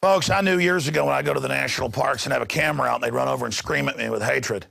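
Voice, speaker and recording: A man hosting a news commentary show, ranting with passion and bursting into shouts. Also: mid-range voice, rapid-fire, gravelly, no echo, clean studio sound. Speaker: talk show host. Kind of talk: heated news commentary monologue.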